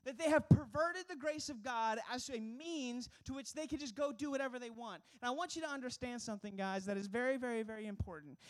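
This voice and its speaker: A man's voice: very high voice, a little fast, hardly any pauses. A young man preaching as a pastor, earnest and emphatic, asking the congregation rhetorical questions. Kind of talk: sermon.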